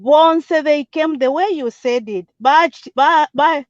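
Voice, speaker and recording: A woman's voice: high voice, slow, no echo. A woman calling in with emphatic, repetitive political comments, switching between languages. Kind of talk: impassioned political call-in comment. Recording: dull, dry lo-fi line.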